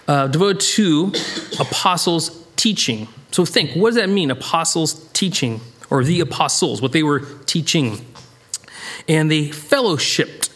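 An American man leading a Bible study, talking it through casually with lots of restarts and sudden bursts of emphasis. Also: unhurried. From United States. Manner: animated, rambling, self-interrupting, jumps in pitch for emphasis. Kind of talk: conversational Bible teaching.

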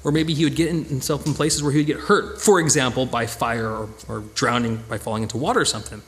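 A man leading a Bible study, explaining scripture in an earnest, conversational way with lively emphasis and frequent restarts. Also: medium pitch, fast.

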